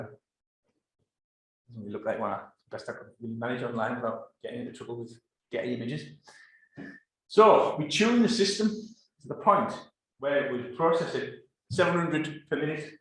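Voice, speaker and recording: A man telling a work story to a live audience in a rambling way, full of fillers and restarts. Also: mid-range voice. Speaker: conference speaker. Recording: very echoey room.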